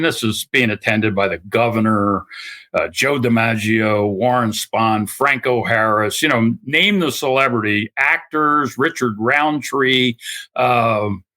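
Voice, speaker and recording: Older guy spinning stories, bright voice, does little voices for people. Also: medium pitch. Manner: anecdotal, acts out quoted voices, laughs often. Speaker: guest author. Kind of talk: storytelling interview.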